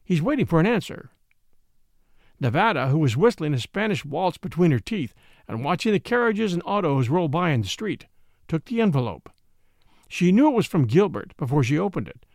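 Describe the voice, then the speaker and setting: Brief: male storyteller, expressive and wry, fairly high and animated. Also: vocal fry, no echo, clean studio sound. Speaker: narrator. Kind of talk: dramatic story reading.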